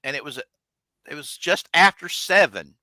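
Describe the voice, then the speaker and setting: Guy host rambling through an old navy story, swears a lot, bright clear voice. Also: on the high side, expressive, moderate pace, no echo, low-quality recording. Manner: colloquial, swears freely, acts out quoted people. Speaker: podcast host. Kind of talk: casual storytelling chat.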